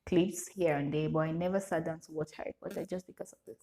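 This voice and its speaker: A young woman with a Nigerian English accent chats straight to camera, reading out questions and answering them one after another. Her voice sits a little low for a woman, and she breaks into laughter often. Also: fairly even intonation, fast talker, warm tone. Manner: chatty, reads questions aloud then answers with frequent laughter. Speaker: vlogger. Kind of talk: casual Q&A chat to camera.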